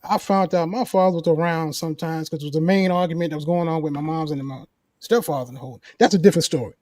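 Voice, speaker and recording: A man with a notably high voice talks earnestly through a personal story, repeating his key phrases for weight. The sound is dry and close, with no room echo. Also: fairly even intonation, fast, darkish tone. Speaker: co-host sharing a personal story. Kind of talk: casual conversation, storytelling.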